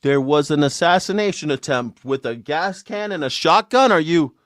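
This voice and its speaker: A man voicing an older male politician who speaks slowly and in disbelief. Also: a little high, expressive, no echo, studio quality, lightly acted. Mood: incredulous.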